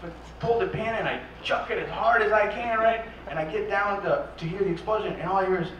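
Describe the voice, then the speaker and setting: High-voiced man doing profane stand-up. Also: fast talker, distant mic. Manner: profane, animated storytelling with yelled quotes. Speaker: stand-up comedian. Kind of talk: stand-up routine. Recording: echoey live club recording from afar, dull. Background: loud audience and noise.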